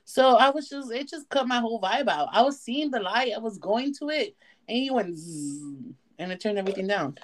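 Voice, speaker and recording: A woman's voice: fairly high pitch, expressive, moderate pace. A woman co-hosting a podcast, chatting casually in a bold, teasing, playful way. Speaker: podcast co-host. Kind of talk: casual chat.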